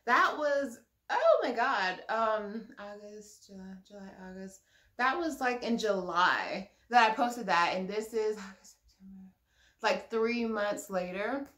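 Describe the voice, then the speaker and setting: A woman's voice: medium pitch, expressive, unhurried, a bit bright, reverberant. A young woman vlogging casually to camera, chatty and rambling, often correcting herself with lots of ums.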